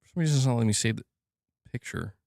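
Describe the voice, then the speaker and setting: A man's voice: mid-range voice, rapid-fire, gravelly, a little mellow, dry recording, clean studio sound. A man hosting a casual gaming news livestream, reading donations aloud and joking and laughing with his chat.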